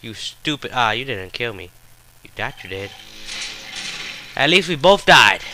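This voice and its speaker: Male gamer, slow-paced commentary, profane trash talk, frustrated. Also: mid-range voice, big pitch swings, sharp tone, slight background noise. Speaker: gameplay commentator. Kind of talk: live gameplay commentary.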